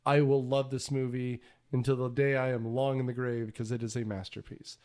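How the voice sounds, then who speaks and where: A man's voice: mid-range voice, flat delivery, brisk, darkish tone. A man hosting a casual movie podcast, talking enthusiastically with frequent fillers and restarts. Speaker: podcast host.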